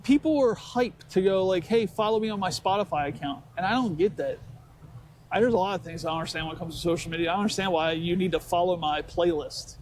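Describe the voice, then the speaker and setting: Man, podcast co-host, sarcastic ranting, high-pitched, faint background noise. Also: quick pace, a little mellow. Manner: sarcastic complaining rant with put-on mocking voices. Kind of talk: casual ranting chat.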